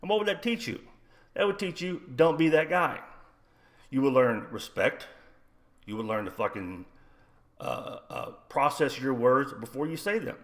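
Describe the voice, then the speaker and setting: A retired man rants bluntly on a livestream, swearing constantly as he wanders from one point to the next. His voice sits at an ordinary middle pitch for a man, and his delivery is combative and rough-edged. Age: older. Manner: blunt, rambling, heavy swearing. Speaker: livestream host. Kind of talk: profane storytelling rant.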